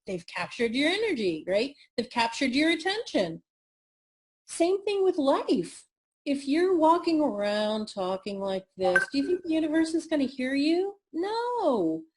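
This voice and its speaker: Woman coach guest in an interview, fairly high voice, gets really animated and emphatic. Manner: animated and emphatic, acting out examples. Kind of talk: interview conversation.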